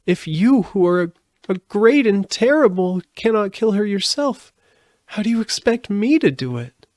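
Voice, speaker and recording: A man voicing a tearful, despairing little girl in a storybook reading, pleading in a high, sobbing voice. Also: sing-song, normal speed, darkish tone, no echo, studio quality.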